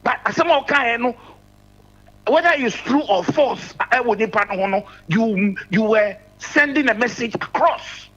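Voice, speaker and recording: A man's voice: extremely high pitch, measured pace, fairly bright tone, muffled recording. A man calling in to a radio show, talking politics emphatically and repeating his points. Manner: emphatic, repeats key phrases. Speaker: caller. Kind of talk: political call-in commentary.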